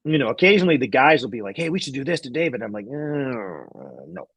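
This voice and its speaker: Husky man telling a rambling story. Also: mid-range voice, expressive, racing, fairly bright tone, no room sound. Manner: laughing, rambling anecdote with restarts. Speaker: guest magician. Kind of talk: casual storytelling chat.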